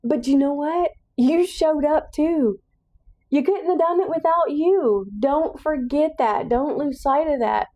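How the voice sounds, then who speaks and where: A woman hosts a solo podcast, her high-pitched voice moving at a measured pace through dull-sounding audio. Her monologue is earnest and encouraging, driven by emphatic repetition.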